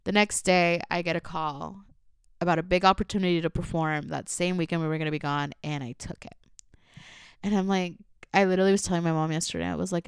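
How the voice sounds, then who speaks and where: In a clean studio recording with no room sound, a young podcast host speaks a little fast in a lowish, clear, resonant voice. On her casual solo show she's emotional and earnest, using plenty of "like" and slipping into phrases.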